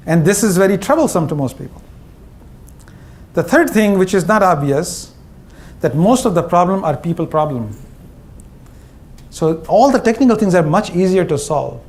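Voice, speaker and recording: Wry high-voiced Indian-accented man. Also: lively intonation, normal speed, long pauses, darkish tone. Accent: Indian English. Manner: wry, punchy, acts out quoted voices. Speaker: speaker, former CEO. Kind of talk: humorous conference talk.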